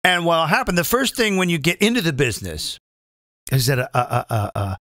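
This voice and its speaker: A middle-aged man hosting his own show as a comedian and impressionist, talking in a chatty, self-mocking ramble full of quick asides. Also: fairly high pitch, lively intonation, sharp tone, no echo. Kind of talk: casual rambling monologue.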